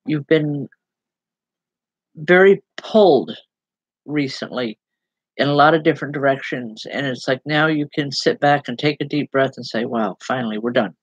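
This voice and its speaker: A woman giving live spiritual readings as a medium, speaking haltingly with repeated words and a gently reassuring manner. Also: low-pitched, husky, no echo, muffled recording. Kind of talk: live online psychic readings.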